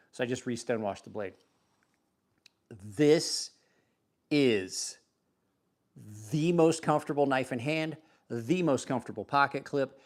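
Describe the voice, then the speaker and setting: A man hosting a knife review channel, talking casually and enthusiastically to camera, rambling and self-deprecating with frequent restarts. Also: mid-range voice. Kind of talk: casual product talk to camera.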